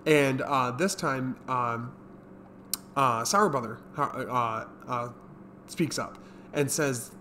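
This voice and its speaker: A man's voice: mid-range voice, slow, bright, forceful tone, a little hiss or hum. A man casually recapping a TV episode, rambling with lots of fillers and acting out characters' lines. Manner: rambling, many fillers, mimics characters in quotes. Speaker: show reviewer.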